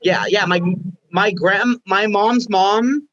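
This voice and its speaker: A man's voice: high voice, takes it slowly, a bit bright, lo-fi sound. A man from Canada, a podcast guest in casual chat, telling profane stories and acting out what people said. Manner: profane storyteller who acts out quoted people.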